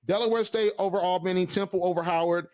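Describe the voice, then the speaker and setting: Male co-host, slightly higher voice, animated and emphatic, casual sports chat. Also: fast. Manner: animated, emphatic, with frequent restarts and asides. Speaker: podcast co-host.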